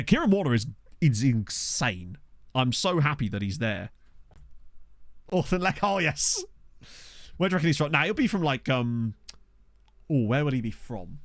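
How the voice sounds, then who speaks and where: A man giving casual, excitable let's-play commentary, chatting to his viewers from a desk mic. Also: fairly high pitch, no room sound, studio quality. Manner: chatty, excitable, talks to chat. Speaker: game streamer. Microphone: desktop USB microphone.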